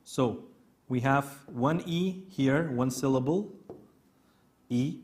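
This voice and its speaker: Teaching English grammar, a man who speaks Kurdish natively and has a Kurdish accent explains each step slowly and repetitively, often pausing for "okay?". His voice sits at medium pitch and sounds a little mellow.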